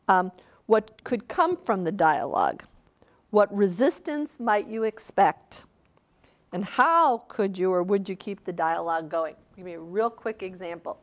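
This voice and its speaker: A woman leading a seminar workshop, talking conversationally and retelling a story with quoted dialogue. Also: on the low side. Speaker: seminar speaker. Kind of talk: seminar talk with a workshop exercise. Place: seminar room.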